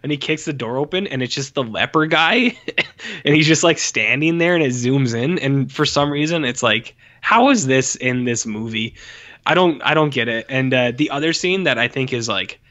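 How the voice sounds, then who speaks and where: A man's voice: mid-range voice, moderate pace, sharp tone, muffled recording. Rambling, chatty podcast co-host man. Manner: rambling, laughing, acts out scenes in voices. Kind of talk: casual film review chat.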